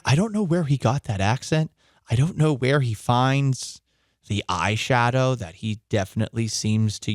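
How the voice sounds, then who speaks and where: Male sports talk host, mid pitch, dry close sound, jokey riffing delivery. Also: dry recording. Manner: joking, riffing, animated. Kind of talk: casual comedic sports talk.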